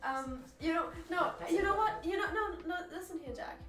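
A woman's voice: very high voice, expressive, moderate pace, a bit bright, roomy sound, recorded from a distance, faint music behind. A woman on a date who talks hesitantly, stumbling over her words and giggling. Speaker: date on a stream. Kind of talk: casual chat.

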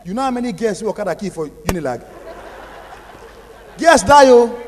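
A young Nigerian man performing animated stand-up comedy in pidgin. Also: high voice, normal speed, a crowd in the background. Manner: animated, acts out characters. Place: large hall, live audience. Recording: live hall reverb, faint noise.

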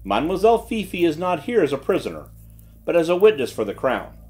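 A man voicing a shrewd gentleman detective who speaks quietly and with calm assurance. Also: on the high side, pitched above the performer's own voice. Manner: quiet, measured, self-assured.

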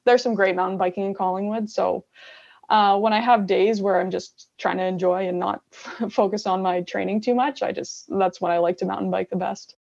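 Young woman with a gravelly voice. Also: mid-range voice, normal speed. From Canada. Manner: relaxed, many fillers like "like" and "you know". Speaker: interview guest, gravel cyclist. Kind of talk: casual interview chat. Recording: dull lo-fi sound.

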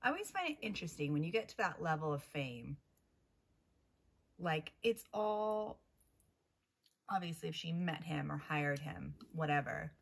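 Husky laid-back American woman chatting. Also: deep voice, sing-song, moderate pace, long pauses. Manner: playful, laid-back, contrarian. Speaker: podcast co-host. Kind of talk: casual chat.

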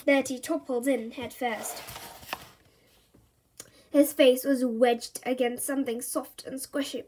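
A woman reading a children's storybook aloud in an animated, expressive way. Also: sits high, unhurried. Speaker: storybook reader.

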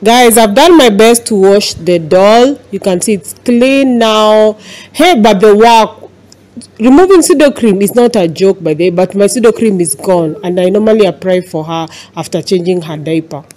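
A woman's voice: medium pitch, normal speed, a little mellow. A young woman with a Kenyan accent, chatting casually to camera as a stay-at-home mom vlogger, addressing her viewers as "guys".

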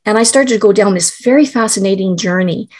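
A woman's voice: mid-range voice, brisk, a little mellow. A middle-aged woman, a guest, telling a personal story in an earnest, emotional way, with restarts.

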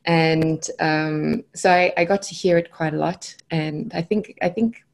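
A woman from South Africa with a South African accent, a coach speaking as a guest on a podcast, gentle and laughing softly. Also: sits low, steady tone, a little slow, gravelly. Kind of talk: casual podcast interview.

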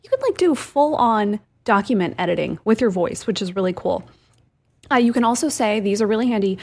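Woman co-host, upbeat, mid-pitched, explains tips clearly. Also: animated, fairly quick. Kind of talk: casual radio show chat.

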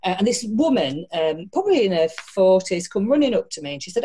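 A middle-aged woman with a Yorkshire accent, a guest in a casual interview, talking frankly, swearing freely and telling animated stories. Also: medium pitch, brisk, few pauses. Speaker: guest entrepreneur.

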